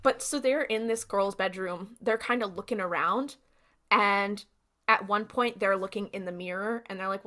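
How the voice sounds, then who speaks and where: A young woman co-hosting a podcast, recapping an episode in casual chat and acting out characters in quick asides. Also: mid-range voice, bright, forceful tone. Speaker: podcast co-host.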